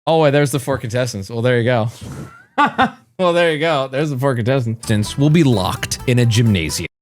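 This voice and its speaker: A man streaming, chatting with viewers and rehearsing a trailer voice-over, drawing out words in a hammy, shouted announcer delivery and swearing as he jokes. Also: medium pitch, expressive, brisk, soft background music. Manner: joking, profane.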